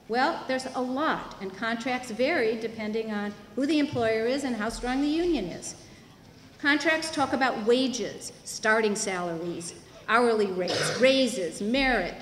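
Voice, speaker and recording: A woman giving a teach-in lecture at a university, explaining her points emphatically and posing rhetorical questions to the audience. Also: fairly high pitch. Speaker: university labor educator. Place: large hall at a university student union. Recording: echoey hall, faint room noise.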